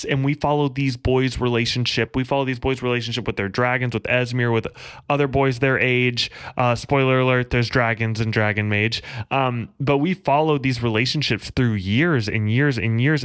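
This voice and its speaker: A man's voice: mid-range voice, smooth, no room sound. A man giving a casual, enthusiastic book review on his own channel, talking earnestly. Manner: enthusiastic, earnest, speeds up and slows down while talking.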